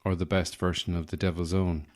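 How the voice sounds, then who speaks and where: Rough-voiced Irish man rambling on a podcast. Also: deep voice, level tone, brisk. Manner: rambling, self-deprecating, goes off on tangents. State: rough voice from just waking. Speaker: podcast host. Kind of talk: casual improvised monologue.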